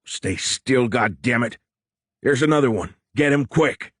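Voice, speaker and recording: A rough, blunt navy quartermaster speaking plain sailor's talk, as a male narrator puts him on. He sounds low and gruff, recorded close and dry for an audiobook. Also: normal speed, fairly bright tone, dry recording. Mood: urgent. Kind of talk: audiobook character voice.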